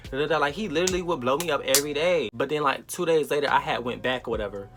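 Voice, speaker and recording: A young man from South Florida telling an animated, profane storytime with slang, as a vlogger. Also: a little high, fast talker, few pauses, music in the background. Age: young adult. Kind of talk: storytime vlog.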